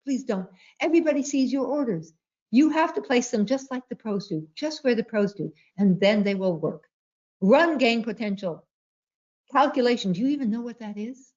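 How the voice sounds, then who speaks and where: A woman's voice: on the high side, lively intonation, moderate pace, darkish tone. A woman trading educator giving an emphatic webinar presentation, repeating her key points and telling stories. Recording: dull lo-fi webinar audio.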